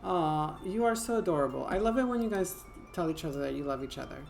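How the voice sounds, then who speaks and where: A woman's voice: low voice, animated, quick pace, vocal fry, a little mellow, soft background music. A woman with a French accent chatting casually and playfully while streaming a game, swearing now and then. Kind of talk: casual gameplay chat.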